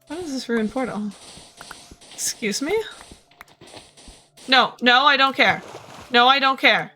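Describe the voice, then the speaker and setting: A bright-toned woman with a fairly high voice chats her way through a game stream, rambling and talking to herself, tired from little sleep. Faint music plays under her voice. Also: takes it slowly, long pauses. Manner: chatty, rambling, self-talking. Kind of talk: casual gameplay commentary.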